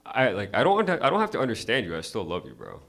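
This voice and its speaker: A man's voice: lowish voice, wildly swooping pitch, fast talker, vocal fry, fairly bright tone. A man doing a casual, profane stand-up set at an open mic, talking to the crowd conversationally. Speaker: stand-up comedian. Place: comedy club stage.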